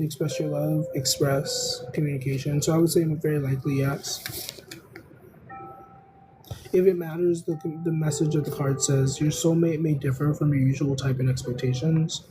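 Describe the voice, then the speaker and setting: A tarot reader hosting a casual live stream, talking in a rambling, unhurried way full of "um"s and "I don't know"s. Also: mid-range voice, noisy background.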